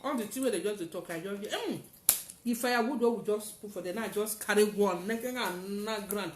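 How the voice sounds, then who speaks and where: A woman's voice: mid-range voice, brisk. Nigerian woman telling a dramatic story. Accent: Nigerian Pidgin. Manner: dramatic storytelling, acting out shouts. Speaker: testifier. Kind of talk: personal story. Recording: roomy echo, faint noise.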